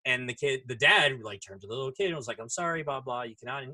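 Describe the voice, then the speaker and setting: A man's voice: medium pitch, quick pace, bright, forceful tone. A man in casual chat, telling profane stories and acting out voices, speaking through headphones. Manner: profane storyteller who acts out voices.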